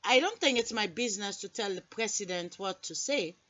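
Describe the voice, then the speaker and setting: A woman doing a soft, prim phone official. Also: mid-range voice, expressive, brisk, pitched below the performer's own voice, natural voice. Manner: soft-spoken, prim, easily annoyed. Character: quiet, polite, weary woman official on the phone. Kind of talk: one-woman comedy skit. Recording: dull lo-fi webcam recording with loud noise.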